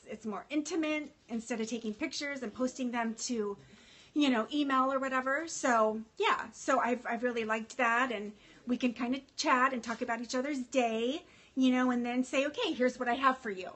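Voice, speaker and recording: A young woman with a slightly high, husky voice talks to her followers in a loose, chatty livestream. She sounds open and emotional, and she fills her speech with "um" and "you know.". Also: fairly bright tone. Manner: chatty, emotional, many fillers, greets viewers by name. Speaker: fashion consultant livestreaming to followers. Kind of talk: casual livestream chat.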